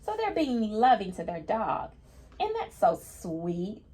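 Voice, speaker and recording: A woman's voice: mid-range voice, huge pitch swings, slow pace, dark tone. A woman reading a picture book aloud to children, patiently stopping to explain each new word in simple terms. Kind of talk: children's read-aloud lesson.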